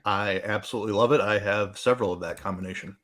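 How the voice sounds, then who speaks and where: A man's voice: lowish voice, quick pace, a bit bright. A man giving enthusiastic opinions as a guest analyst on a casual live stream. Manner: enthusiastic, talks in restarts and "like"s.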